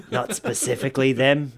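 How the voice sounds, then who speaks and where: A man at the game table makes dry quips in a gravelly voice. His pitch swings widely from line to line. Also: fairly bright tone, slight background noise. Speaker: player. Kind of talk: playing a tabletop game on a podcast.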